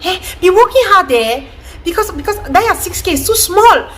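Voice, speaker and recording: A woman voicing a nagging, disapproving mother, loud and mocking. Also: very high voice, expressive, normal speed, pitched above the performer's own voice. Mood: scolding.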